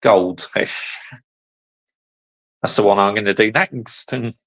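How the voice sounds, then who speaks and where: A man's voice: fairly low pitch, takes it slowly, fairly bright tone, low-quality recording. A man hosting a football channel, chatting casually in short asides as he reacts to a fan's video. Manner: laid-back, chatty, answering the clip in short asides.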